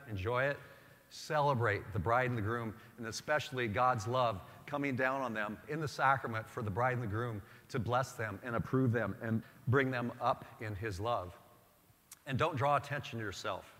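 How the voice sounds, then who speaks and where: Preaching priest in an echoey church. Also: male voice, medium pitch, a bit bright. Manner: conversational, emphatic preaching with direct questions to the congregation. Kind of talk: sermon.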